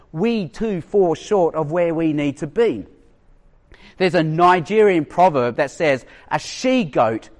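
A man preaching a sermon, animated and acting out quoted voices. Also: fairly high pitch.

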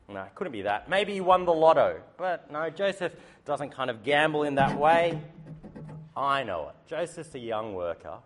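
A man giving a sermon, telling a story in a lively, humorous way. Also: mid-range voice. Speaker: preacher. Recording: faint background noise.

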